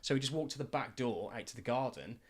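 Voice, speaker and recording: A man hosting a podcast, telling stories in a lively way and swearing freely. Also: medium pitch, fast. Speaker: podcast host and father. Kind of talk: casual podcast chat.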